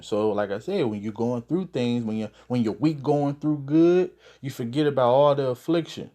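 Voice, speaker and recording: A man's voice: mid-range voice, moderate pace, mellow. Man teaching scripture in a loose, casual way. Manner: loose and conversational, with mild swearing and many fillers; reads scripture verses aloud, then explains them in plain talk. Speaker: Bible teacher.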